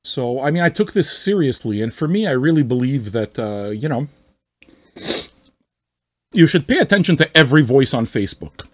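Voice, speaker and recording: A man's voice: mid-range voice, expressive, normal speed, long pauses. A man hosting a casual talk show, telling a story in a sarcastic, rambling way with plenty of swearing and self-mockery. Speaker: podcast host. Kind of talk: casual comedic rant.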